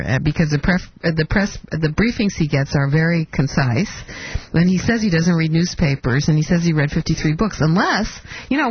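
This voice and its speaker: Sarcastic husky-voiced woman radio host. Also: on the low side, dry recording, highs cut off. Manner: sarcastic, mocking, rhetorical questions. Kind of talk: political commentary monologue.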